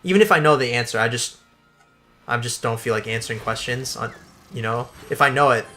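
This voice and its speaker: A young man hosting a casual gameplay video, telling a school story in an animated way, swearing and laughing along. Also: mid-range voice, a little fast. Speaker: let's play host. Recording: faint background game music.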